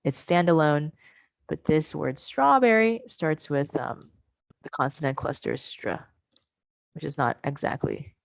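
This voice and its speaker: A woman presenting an online workshop for English teachers over a video call. She explains step by step and models sounds with slow, drawn-out syllables. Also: low voice, gravelly, no echo.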